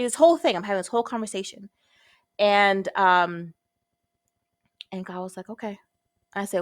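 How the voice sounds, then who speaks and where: Frank, expressive woman in a dry recording. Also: medium pitch, normal speed, pauses often, no room sound. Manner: frank and expressive, swears casually, acts out her own past thoughts. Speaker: podcast guest. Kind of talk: candid personal storytelling.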